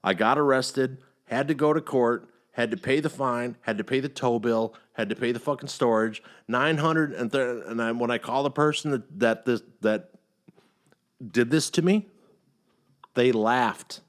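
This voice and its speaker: A middle-aged man hosting a casual podcast chat, telling a long story with heavy profanity and animated outbursts. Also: mid-range voice, a little slow. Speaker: podcast host.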